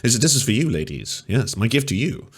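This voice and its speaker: A man's voice: medium pitch, big pitch swings, brisk, husky. A man putting on a smug, pompous, self-pitying man, speaking in mock grand tones.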